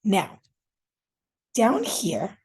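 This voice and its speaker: A woman's voice: medium pitch, wildly swooping pitch, extremely slow, a little mellow, husky. A woman teacher walking viewers through scoring a reading fluency test, chatty and casual, thinking aloud as she works on screen. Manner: casual, chatty, talks to viewers as you guys.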